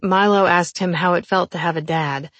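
A woman playing a steady police officer brother speaks plainly, with a slight grumble in his lower tone. The sound is close and dry. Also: normal speed, no echo, lo-fi sound. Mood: flat.

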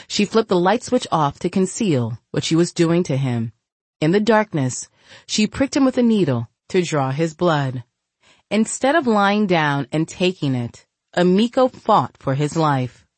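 A woman's voice: on the low side, unhurried, dry recording. A woman narrating a gritty novel as an audiobook, reading expressively. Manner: expressive, voices each character. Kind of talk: scripted narration.

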